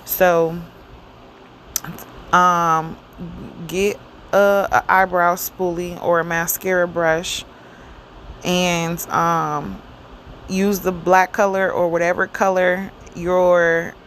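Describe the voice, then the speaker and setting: A woman giving a casual hair tutorial, explaining each step in a chatty, relaxed way with plenty of fillers. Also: on the low side, very slow, pauses often, a little hiss or hum. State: cold and yawning. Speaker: hair stylist demonstrating a wig.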